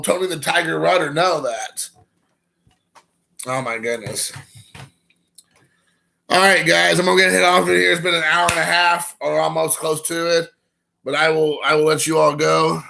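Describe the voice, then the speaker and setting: A man's voice: high-pitched, creaky, pushed and bright. A man hosting a live stream, chatting casually with viewers in a rambling, storytelling way.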